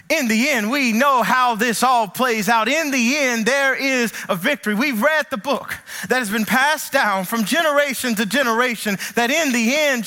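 Pastor, male, high and bright-toned, earnest sermon delivery with lively storytelling. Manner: earnest preaching, drops low and slow on key phrases; animated storytelling with acted quotes.

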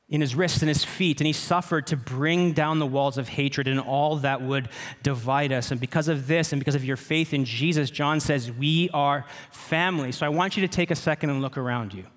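A man's voice: fairly high pitch, fairly bright tone. A man in his thirties, a pastor preaching a sermon in an earnest, personal way. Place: church sanctuary. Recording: reverberant church hall.

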